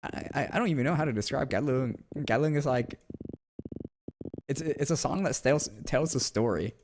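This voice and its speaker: A man's voice: medium pitch, brisk, background noise. A man chatting casually on a stream in a slangy, laid-back way, reacting to chat and often restarting his words.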